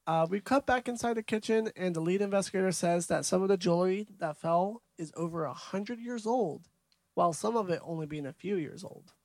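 A man's voice: high voice, a little fast, darkish tone, dry recording. A man co-hosting a podcast, casually recapping a movie's scenes from his notes. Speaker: podcast co-host.

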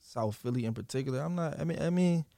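A man from South Philadelphia chats as a podcast guest, soft-spoken and a bit hesitant. His voice is gravelly with fry. The sound is dry. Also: on the high side, quick pace, no room sound. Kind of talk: casual chat.

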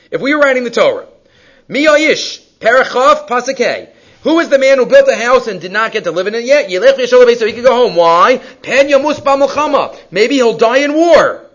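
A man giving a weekly Torah portion class, telling stories and asking rhetorical questions, with Hebrew and Yiddish terms mixed into his English. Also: very high-pitched. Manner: animated storytelling, rhetorical questions. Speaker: Torah teacher. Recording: dull lo-fi recording.

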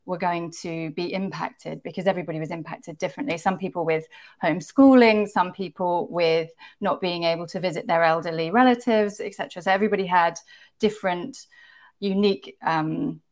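A woman panel guest speaking in a measured, reflective way, often restarting her phrases. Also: on the low side. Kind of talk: panel discussion.

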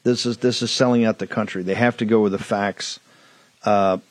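A man's voice: fairly low pitch, fairly even intonation, normal speed, no room sound. A man hosting a political talk show, delivering an emphatic monologue with hammering repetition into a studio microphone.

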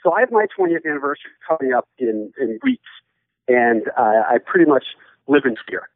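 A man who hosts a sports studio show, a guest chatting casually and joking with animated asides. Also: fairly high pitch, brisk, no room sound. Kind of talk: casual interview chat. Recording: tinny phone-like line.

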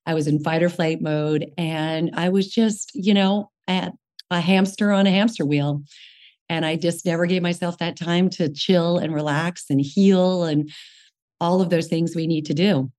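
A woman's voice: lowish voice, steady tone, unhurried, darkish tone. A woman in her sixties, a nutritionist and guest, telling her story frankly and with energy, often saying "you know". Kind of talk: interview storytelling.

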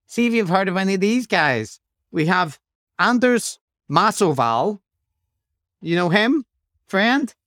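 A male podcast host reads listener reviews aloud in a relaxed chat, slipping in wry jokes. His voice sits a little high for a man and comes through smooth and clear. The sound is close and dry, with no room around it. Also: no room sound. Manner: wry, joking, quick asides.

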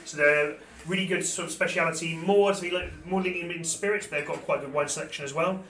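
An English man co-hosting a wine podcast, animated and quick to cut in. He talks at a rapid clip with a bright, forceful tone. The room is echoey. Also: fairly high pitch. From England. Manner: animated, talks over others. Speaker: podcast co-host. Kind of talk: casual chat. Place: members club room.

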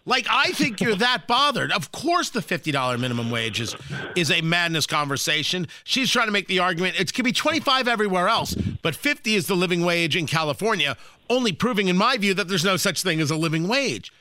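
A male talk radio host with a high, lively voice that jumps around in pitch. His tone is bright and forceful, and the sound is dry and close. He questions his guest with wry asides. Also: fairly quick, no room sound.

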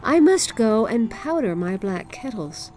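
A woman's voice: fairly high pitch, very animated, unhurried, a little mellow, soft background music. The Snow Queen, as a woman reads her, stately. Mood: lofty. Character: cold, grand female queen of snow.

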